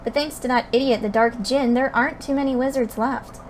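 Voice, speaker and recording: A woman voicing a friendly old male wizard ghost in a game, explaining gently. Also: on the high side, fairly even intonation, brisk, slight background noise, lightly acted. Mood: kindly.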